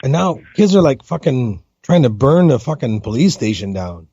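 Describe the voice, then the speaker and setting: A man's voice: mid-range voice, sing-song, moderate pace, warm tone, slightly rough, dry recording. A man guest in a casual call-in chat, rambling with laid-back slang. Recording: dull dry sound.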